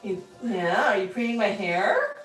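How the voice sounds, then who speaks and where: A woman's voice: medium pitch, very animated, measured pace, a bit bright. A woman playing a playful costumed witch, teasing and cooing at a pet parrot while in character. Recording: roomy, distant mic, faint music.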